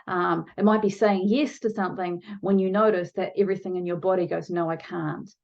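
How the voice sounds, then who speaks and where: A woman's voice: mid-range voice, fairly even intonation, brisk, darkish tone, lo-fi sound. A woman coaching viewers in a motivational video lesson, talking to them directly and shifting her pace for emphasis. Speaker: online challenge coach.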